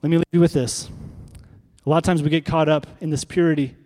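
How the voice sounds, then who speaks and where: A man's voice: fairly high pitch, little pitch movement, fast, a little mellow. A pastor preaching a sermon to his congregation, conversational, throwing rhetorical questions to the room. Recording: long reverb of a hall.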